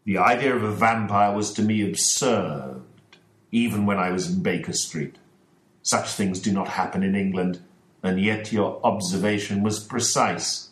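A man voicing a calm, precise male detective in a storybook reading, explaining in a measured way. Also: fairly low pitch, natural voice. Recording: echoey room.

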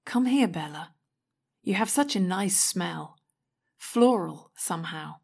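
A woman voicing a cold, predatory male vampire hunter who speaks in a low, hushed, sinister voice. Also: expressive, takes it slowly, creaky, slightly rough, heavily acted. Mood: menacing.

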